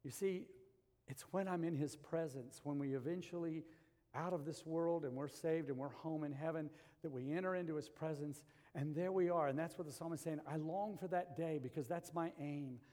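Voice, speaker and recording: A middle-aged male pastor preaching a sermon and telling stories, dropping to a hush and then rising loud. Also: fairly high pitch, normal speed. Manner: storytelling preacher, swings from hushed to loud. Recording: long hall reverb.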